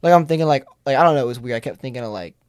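A man's voice: medium pitch, expressive, racing, darkish tone, clean tone, no room sound. A young man in casual podcast chat, rambling, swearing a lot and laughing often. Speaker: podcast guest.

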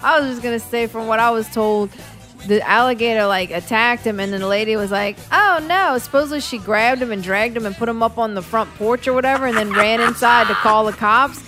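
A woman's voice: a little high, steady tone, fairly quick, over music. Profane laid-back woman. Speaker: podcast co-host. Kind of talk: casual chat.

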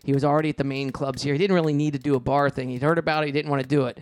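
A middle-aged man telling stories in a casual interview, animated and quick, acting out quoted lines in a raised voice. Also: fairly high pitch, dry recording. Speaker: comedian and show producer, guest. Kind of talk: casual storytelling in a podcast interview.

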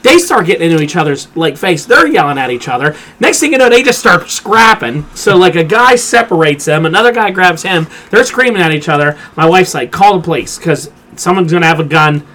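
A man's voice: high-pitched, fairly quick, few pauses. Casual man telling a swearing story. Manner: animated storyteller, swears freely. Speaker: podcast host. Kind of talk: casual chat.

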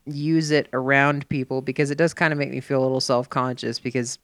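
A woman's voice: very deep voice, steady tone, brisk, no room sound, studio quality. A woman chatting casually and candidly, swearing freely and rambling with fillers. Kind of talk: casual chat.

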